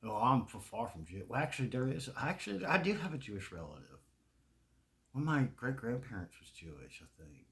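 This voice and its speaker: A man's voice: mid-range voice, big pitch swings, a little fast, fairly bright tone. A man with a Southern US accent, talking in a rambling, profane casual monologue and laughing often. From American South. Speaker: video creator.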